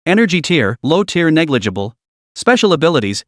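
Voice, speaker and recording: A man narrating a story in a steady, dramatic storytelling manner. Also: on the high side, fairly quick, dry recording, clean studio sound.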